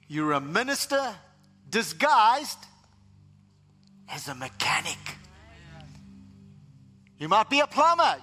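A man pastor preaching a sermon, animated, sometimes mimicking other voices. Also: high voice.

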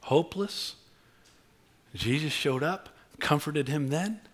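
A man preaching a sermon, swinging from low, intimate tones to high, excited outbursts. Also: takes it slowly, breathy edge. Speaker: pastor.

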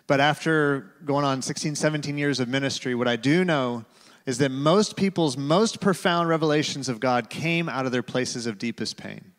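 A male pastor giving a sermon, telling a personal story in a conversational way with fillers and dropping to a hush for quotes. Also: mid-range voice, moderate pace. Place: large church auditorium. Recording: reverberant hall.

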